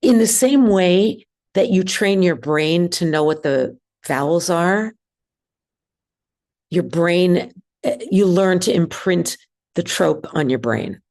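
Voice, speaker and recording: A woman teaching a synagogue class, speaking hesitantly with many ums and pauses. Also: lowish voice, a little mellow. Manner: hesitant, many ums, sings trope examples. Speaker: bar mitzvah trope teacher. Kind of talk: classroom lesson.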